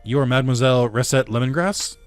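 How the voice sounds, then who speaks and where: Prim little fairy loan agent, brisk and proper, voiced by a man in a game playthrough. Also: mid-range voice, clear, resonant tone, faint music behind, close to an everyday voice. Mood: prim, businesslike. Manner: prim, businesslike, quick formal phrasing. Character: small formal fairy loan collector.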